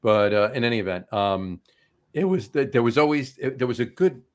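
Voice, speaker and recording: A man's voice: medium pitch, animated, a little fast. A man hosting a casual chat, telling stories and rambling with restarts. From New Jersey. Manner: rambling, many fillers and restarts, tells stories. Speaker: host.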